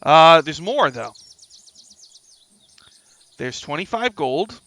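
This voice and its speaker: Man, dungeon master, gravelly voice, slow pace, unhurried, thinking aloud. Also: fairly high pitch, sing-song, fairly bright tone, dry recording. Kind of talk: running a tabletop game.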